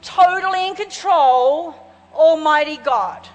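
A woman's voice: high voice, slow, big-room sound, faint music behind, rough recording. A woman preaching a sermon with fervor, calling out to her congregation for responses. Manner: fervent, calls out to congregation. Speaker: pastor.

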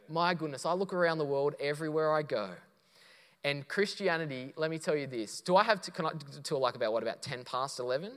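In a church auditorium, a man with a slightly high voice delivers a brisk sermon as pastor. He moves from storytelling and quotations toward emphatic points, all under the long, echoing reverb of the hall.

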